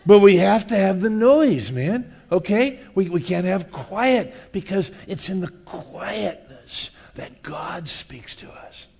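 A man preaching to his congregation in an easy, casual manner. His delivery swings between loud, raised passages and quiet, hushed asides, and he asks the room questions along the way. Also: high-pitched, slow pace, creaky, few pauses, slightly rough, some chatter behind. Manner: animated, swings from loud to hushed, acts out voices. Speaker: pastor. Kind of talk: sermon.

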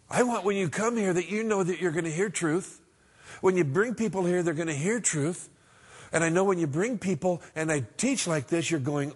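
Middle-aged guy preaching, kinda husky, bit high, chatty but earnest, goes loud then real quiet. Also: a little fast. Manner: earnest, conversational preaching with emphatic swings from loud to hushed. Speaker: pastor. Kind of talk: sermon.

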